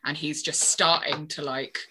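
Woman chatting on a call, low-ish bright voice, laughs a lot, swears. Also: fairly even intonation, a little slow, breathy edge. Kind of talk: casual chat.

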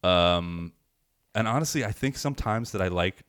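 A man's voice: low voice, lively intonation, normal speed, fairly bright tone, clean tone, no echo. Guy on a podcast rambling through a movie recap, lots of ups and downs in his voice, dry close sound. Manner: rambling, laughs often, acts out lines from the film. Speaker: podcast co-host. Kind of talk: casual chat recapping a movie.

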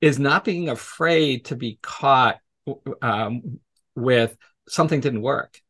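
A man's voice: medium pitch, slow, fairly bright tone. A man as an interview guest, casually telling stories from his teaching work, acting out the voices of people he quotes and laughing often. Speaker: podcast guest, educator.

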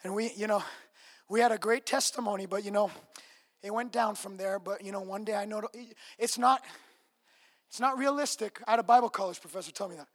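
A male preacher at a revival gathering, swinging from low, chatty asides to shouted, repeated declarations. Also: brisk, pauses often. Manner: repeats phrases for emphasis. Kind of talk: revival sermon. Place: large outdoor crusade gathering.

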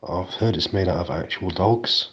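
A man in improvised comic chat, delivering absurd claims in a deadpan, matter-of-fact way. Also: sits low, normal speed, breathy edge, highs cut off.

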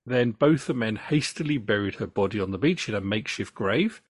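An English man hosting a podcast, reading case notes in a true crime story with relaxed asides. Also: fairly low pitch, fairly quick, husky, dry recording.

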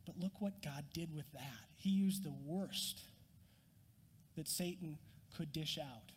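A man preaching a sermon as a pastor, earnest, rising to emphatic peaks and dropping to quiet. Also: on the high side, slow, long reverb tail, a little hiss or hum. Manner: earnest, rises in emphasis then drops quiet.

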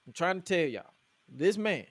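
Animated man recapping wrestling. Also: fairly high pitch, moderate pace, no room sound. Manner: animated, incredulous, quotes promos aloud. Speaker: podcast host. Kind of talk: casual wrestling recap chat.

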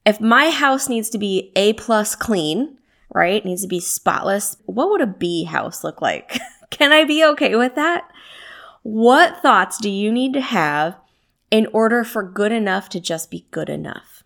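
A woman at an ordinary mid pitch teaches about self-care in a loose, chatty way. She keeps checking in with listeners through rhetorical questions and a quick "right?", and laughs easily along the way. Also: lively intonation, gravelly, fairly bright tone. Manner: conversational, with frequent rhetorical questions and tag "right?"; laughs easily while speaking. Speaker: wellness coach. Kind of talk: self-help teaching talk.

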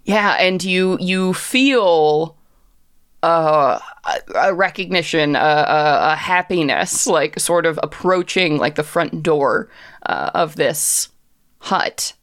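A woman's voice: low-pitched, lively intonation, takes it slowly, a bit bright. A woman narrating a tabletop game as game master, chatty and hesitant, with many fillers.

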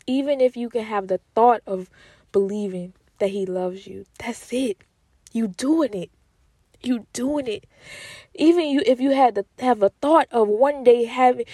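Emotional woman doing a faith pep talk, kinda high voice, repeats stuff slow and soft, whispers sometimes, dry close sound. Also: dry recording. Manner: tender, repeats lines slowly, drops to whispers. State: emotional, near tears. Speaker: Christian encourager speaking to viewers.

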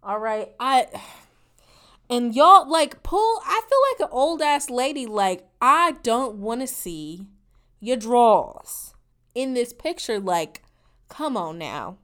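A woman in her forties delivering a profane, exasperated comedic rant as a podcast host, voice swinging between loud outbursts and low mutters. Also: sing-song, takes it slowly.

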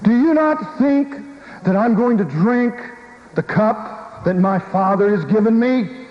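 Jesus, gentle and earnest, as a preacher puts him on. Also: male voice, high voice, lively intonation, measured pace. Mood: firm calm. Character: calm, loving male Jesus, grown man. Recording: dull recording in a reverberant hall with faint hiss.

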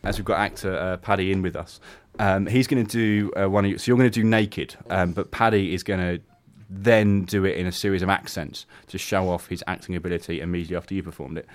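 A man's voice: low-pitched, fairly even intonation, fast talker, few pauses. A young English man hosting a radio show, chatting casually with many ums and laughs. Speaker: radio host.

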